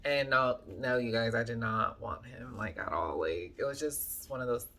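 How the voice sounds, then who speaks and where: Woman, casual storytime vlog, chatty, lots of fillers, addresses viewers as y'all, bright tense voice. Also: rumbling low, normal speed. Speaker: vlogger.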